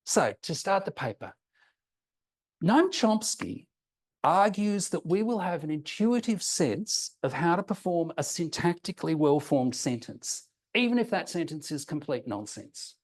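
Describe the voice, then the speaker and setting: A man's voice: a little high, big pitch swings, measured pace. A man presenting an academic paper with slides, explaining patiently and checking in with listeners, with frequent ums and restarts. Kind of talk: conference talk with slides.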